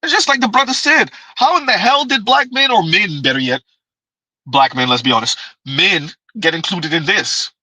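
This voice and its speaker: A man's voice: high voice, expressive, normal speed, sharp tone, no room sound, rough recording. A man hosting a livestream with reaction commentary, talking in a mocking, sarcastic way. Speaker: streamer.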